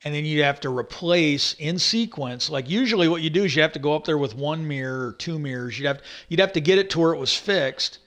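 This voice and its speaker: Man, casual storytelling, profane, rambling, higher-pitched voice. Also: fairly quick, hardly any pauses, a bit bright. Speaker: streamer telling a work story.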